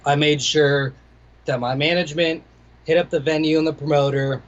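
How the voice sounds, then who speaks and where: A man's voice: fairly high pitch, steady tone, normal speed. A young adult man, a DJ and producer, chatting casually in an interview, laid-back and rambling with plenty of swearing. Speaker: DJ and music producer, guest. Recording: slightly dull lo-fi audio.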